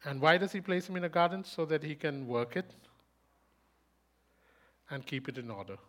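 Fast, emphatic preaching man. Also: a little high. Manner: emphatic, rhetorical questions, rises to loud bursts; speaks fast. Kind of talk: sermon.

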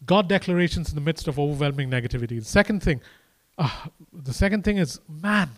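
A man preaching a conversational sermon, swinging between quiet and emphatic delivery and speaking to the crowd as "guys" and "man". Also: a little high, lively intonation, a little fast. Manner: addresses listeners casually as "guys" and "man".

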